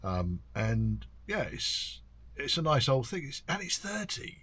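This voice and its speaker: A man's voice: mid-range voice, very animated, measured pace, fairly bright tone, slightly rough. An older man, rambling casually about his year of classic car work as host of his channel. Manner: rambling, chatty, mild swearing, frequent ums. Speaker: classic car workshop owner and video host. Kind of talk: casual year-end chat to camera.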